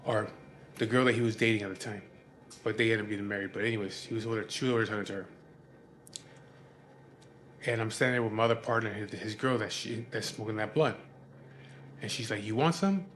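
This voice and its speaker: A man's voice: on the low side, fairly even intonation, fast talker, long pauses, a bit bright, a little hiss or hum. A man casually telling a personal story in a rambling, profane way, with lots of fillers.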